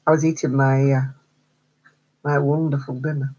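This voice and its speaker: A woman's voice: rumbling low, little pitch movement, normal speed, a little mellow, dull audio. A woman hosting a craft livestream, chatting casually with viewers, answering their comments and laughing often. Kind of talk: casual chat with live viewers.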